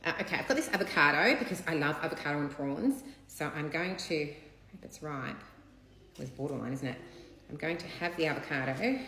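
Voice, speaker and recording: Chatty woman, lowish voice. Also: fairly bright tone. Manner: chatty, gossipy, candid, occasional swearing. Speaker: vlogger. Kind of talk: casual chat while cooking. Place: home kitchen. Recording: echoey room, faint background noise. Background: children splashing in a bath.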